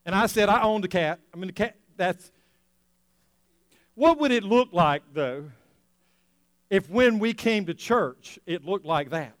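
A male pastor preaching a lively sermon, laughing often and acting out scenes for the congregation. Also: sits high, measured pace, long pauses, dry recording, clean studio sound. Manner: animated, laughing often, acting out an excited dog.

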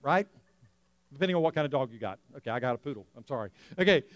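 A male pastor preaching a lively sermon, laughing often and acting out scenes for the congregation. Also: mid-range voice, rapid-fire, no echo. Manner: animated, laughing often, acting out an excited dog.

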